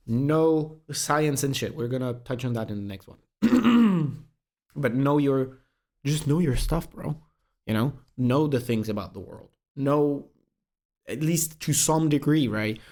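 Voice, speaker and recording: A young man hosting a self-improvement video, talking fast and casually with lots of swearing, calling the viewer bro. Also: mid-range voice, darkish tone. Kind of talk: casual monologue to camera.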